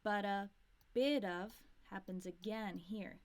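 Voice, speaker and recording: A woman with an American accent teaching English pronunciation, modeling sounds slowly and repeating lines for learners. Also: medium pitch. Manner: slow, deliberate modeling of sounds with repetition. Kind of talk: pronunciation lesson.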